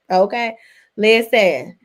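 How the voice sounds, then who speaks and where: Hosting a casual YouTube live stream, a woman with an animated mid-range voice and drawn-out words reads viewer comments aloud. She reacts to them with chatty gossip.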